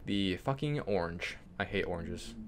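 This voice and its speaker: A young man giving casual gameplay commentary, swearing and swinging between yelling and low mumbling. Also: lively intonation, a little slow, a little hiss or hum. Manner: swears and insults the game. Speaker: gaming YouTuber.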